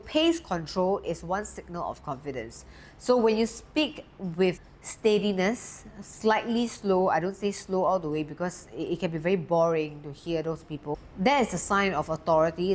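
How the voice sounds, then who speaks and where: Lower-voiced woman coaching on confidence. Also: moderate pace, slight background noise. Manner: steady, emphatic, lively pitch swings on key words. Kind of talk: talking-head teaching talk.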